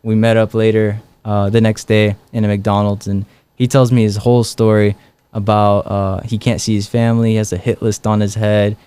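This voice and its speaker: A man's voice: on the low side, level tone, moderate pace, dark tone, clean tone. A young man, a street evangelist, telling stories in a casual interview, full of fillers and acted-out dialogue. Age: young adult. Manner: rambling, many fillers and quoted dialogue.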